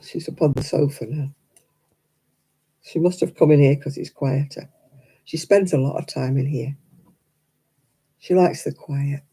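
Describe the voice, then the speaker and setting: A woman's voice: a bass voice, gravelly, dark tone, breathy edge, poor audio. A middle-aged woman from England, chatting casually to camera at home and laughing often. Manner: chatty, laughs often, mimics other accents. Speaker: vlogger. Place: quiet room at home.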